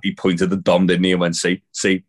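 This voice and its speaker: A man's voice: low-pitched, monotone, fast talker. A man co-hosting a podcast, recapping wrestling in a rambling, casual way with lots of swearing and fillers. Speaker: podcast co-host.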